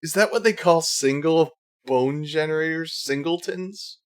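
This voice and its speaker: A man's voice: fairly high pitch, normal speed, smooth. A man streaming live, reacting to videos with sarcastic, mocking commentary and frequent laughter.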